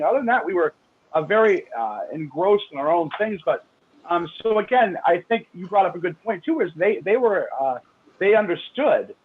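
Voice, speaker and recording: Excitable husky man on a phone line. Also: brisk. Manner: excitable, with big swings in pitch. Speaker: radio show co-host. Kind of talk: casual talk-show chat. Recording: phone-line call-in audio.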